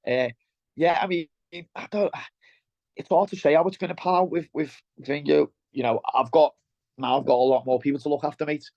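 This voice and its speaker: Fast-talking down-to-earth Merseyside man. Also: medium pitch, darkish tone, dry recording. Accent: Merseyside English. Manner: blunt, down-to-earth, keeps saying "mate". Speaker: guest, welder turned operations head. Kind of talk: casual interview chat. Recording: dull lo-fi sound.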